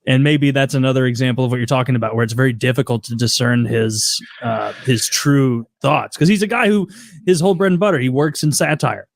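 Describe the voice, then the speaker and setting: A man hosting a casual podcast conversation. He talks in a relaxed, rambling way and hedges his points. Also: mid-range voice, fairly quick, creaky, no room sound. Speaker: podcast host. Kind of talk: casual chat.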